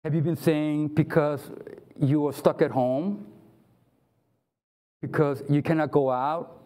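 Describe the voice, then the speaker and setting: A man's voice: a little high, lively intonation, unhurried, darkish tone. A man preaching a sermon, acting out the voices of God and of people who complain to Him. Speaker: pastor.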